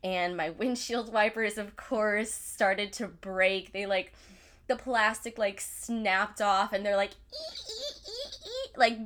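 A woman in her twenties, a vlogger, tells casual stories to her viewers in a mid-range, slightly bright voice with fairly even intonation, taking her time. She's chatty and swears a lot, dropping "like" into nearly every sentence.

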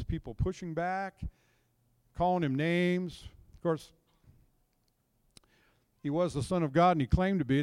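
Higher-voiced middle-aged man preaching. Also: darkish tone, no echo. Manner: conversational, draws the audience into call and response; storytelling, checks in with "okay?" and "right?". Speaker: counselor giving a church message. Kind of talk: sermon.

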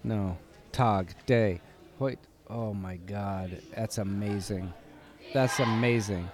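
A man's voice: lowish voice, slow pace. A man co-hosting a comedic basketball broadcast, trading dry, playful banter with his partner. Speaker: color commentator co-host.

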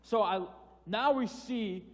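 A man with a high voice preaches a sermon slowly and casually, as if in conversation, often restarting phrases and repeating words. The recording carries a long hall reverb.

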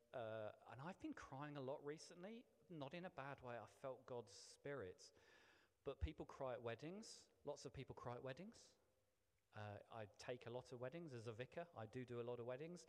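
A middle-aged man, a vicar, preaching a sermon in a chatty, self-deprecating way with many restarts. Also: medium pitch. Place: church hall. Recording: long hall reverb.

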